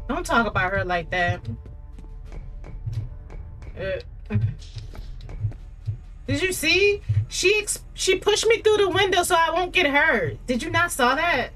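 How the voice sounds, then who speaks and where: A woman's voice: sits high, animated, slow, pauses often, fairly bright tone, soft background music. A woman giving casual, chatty commentary while streaming a horror shooter, talking back to the game and her friends.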